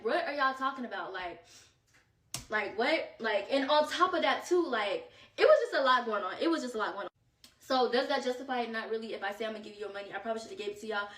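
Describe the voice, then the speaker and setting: Young woman vlogger, brisk slangy storytime telling, highish voice, roomy sound from off the mic; good for a chatty gossip read. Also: distant mic. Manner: animated, slangy, quoting texts in voices. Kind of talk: casual storytime chat.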